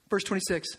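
Male pastor with a very high voice, animated and emphatic sermon delivery. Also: creaky, slightly rough, big-room sound.

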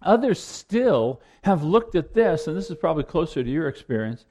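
A man preaching a sermon with a slightly raised voice that rises and falls in lively swings. He explains a parable step by step, puts questions to his listeners and acts out the quoted lines. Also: on the high side, moderate pace.

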